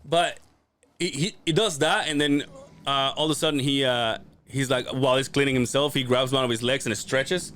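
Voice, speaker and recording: A man's voice: moderate pace, slight background noise. A man co-hosting a podcast, telling stories in casual chat and swearing freely. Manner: animated storyteller, swears freely, acts out quotes in a high voice. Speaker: podcast co-host.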